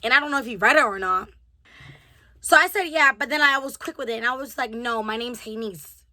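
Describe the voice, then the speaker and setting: Brief: a young woman vlogger, high and bright, retelling a tense encounter and acting out every line. Recorded dry, close to the mic. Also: fast, no room sound. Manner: animated, acts out both sides of the dialogue with a rising temper. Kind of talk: story time retelling.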